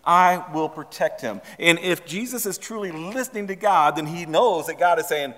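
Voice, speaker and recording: A man's voice: on the high side, normal speed, bright, forceful tone, long reverb tail. A man preaching a sermon to his congregation, repeating words and firing questions at them. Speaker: pastor. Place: church sanctuary.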